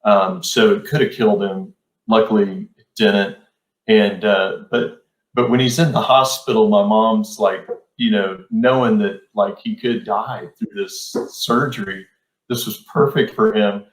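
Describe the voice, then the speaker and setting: A man's voice: on the low side, fairly even intonation, a little slow. A middle-aged man hosting a casual storytelling chat, laid-back and rambling with plenty of fillers. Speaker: podcast host. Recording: roomy echo.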